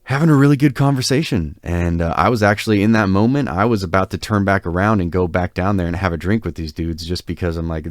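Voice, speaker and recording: A man with a low-sitting voice talks fast with few pauses, recorded in studio quality with no echo. As a podcast co-host, he tells a long, casual anecdote that rambles, leans heavily on fillers, and pokes fun at himself.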